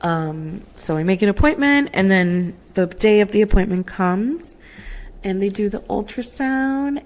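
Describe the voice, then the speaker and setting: A woman's voice: mid-range voice, expressive, takes it slowly, darkish tone. A young woman hosting a podcast, telling her own story in a casual, emotional way with lots of fillers, recorded on a laptop mic at home. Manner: emotional, chatty, many fillers and "like". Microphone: laptop microphone.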